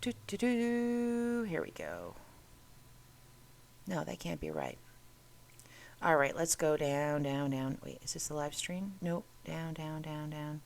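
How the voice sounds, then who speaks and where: A woman's voice: sits low, sing-song, takes it slowly, vocal fry, pauses often, darkish tone. A woman hosting a casual talk show, chatty and rambling as she goes through curiosities on her screen. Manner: chatty, rambling, self-interrupting. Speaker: host.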